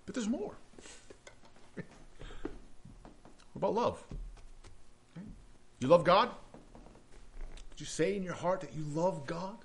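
Male pastor, slightly high voice with lively swings, reading scripture with hushed asides. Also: takes it slowly, long pauses, slight background noise.

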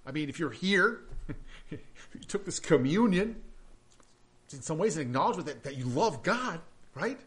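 A man preaching a sermon, reading scripture aloud and breaking into hushed, questioning asides. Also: on the high side, normal speed, pauses often. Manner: animated, swings between loud reading and hushed asides. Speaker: pastor.

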